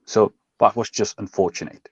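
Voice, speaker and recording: A man's voice: lowish voice, steady tone, moderate pace, slightly rough, no echo, dull audio. A man co-hosting a football fan show, talking passionately and emphatically in casual chat and acting out what others say. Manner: passionate, emphatic, acts out quotes.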